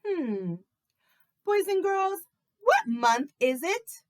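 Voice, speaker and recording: A woman teaching a video lesson to preschool children in a slow, encouraging, sing-song way. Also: very high-pitched, very animated.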